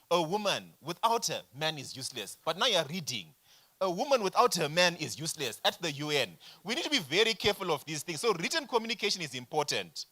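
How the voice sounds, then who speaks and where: A man in his forties leading a business workshop, lecturing in an animated way and asking the room rhetorical questions. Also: high voice. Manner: animated, addresses audience directly with rhetorical questions. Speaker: workshop facilitator.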